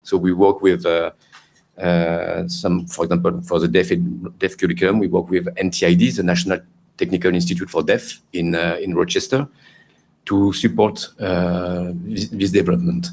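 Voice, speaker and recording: Low-voiced hesitant male panelist. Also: flat delivery, moderate pace, a little mellow, a little hiss or hum. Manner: hesitant, many fillers and restarts. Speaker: panelist from Cambodia. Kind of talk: conference panel remarks.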